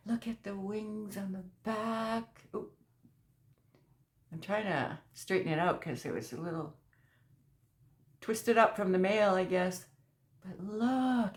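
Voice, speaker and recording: A crafty woman unboxing her mail and gushing over every little thing, her pitch swinging up and down as she lingers on each word. She often sinks to a soft near-whisper. Her voice rings around an echoey room at home. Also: animated, slow pace, long pauses. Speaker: crochet channel host. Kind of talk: casual unboxing chat.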